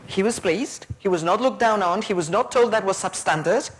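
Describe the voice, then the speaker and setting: A woman's voice: mid-range voice, moderate pace, hardly any pauses, a little hiss or hum. A woman in her fifties giving a plenary conference lecture, telling stories and acting out the people in them. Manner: lively storyteller who acts out quoted voices. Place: conference hall.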